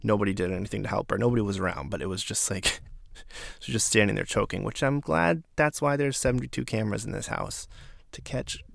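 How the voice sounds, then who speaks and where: A man recapping a reality show episode in casual, opinionated commentary, with sarcastic and animated asides. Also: lowish voice, brisk, gravelly, no room sound, clean studio sound.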